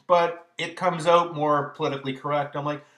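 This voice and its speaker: Male vlog host, slightly high voice, chatty and exasperated storyteller, roomy echo. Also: fairly even intonation, brisk, a bit bright. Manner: chatty, exasperated, lots of "you know". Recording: echoey room.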